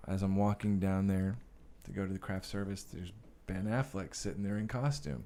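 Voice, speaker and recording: A man with a fairly low voice talks as a guest in a podcast studio. He tells his stories casually and with energy, and now and then he acts out the moments he describes. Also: moderate pace, mellow, slight background noise. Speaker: actor and filmmaker guest. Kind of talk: casual interview storytelling.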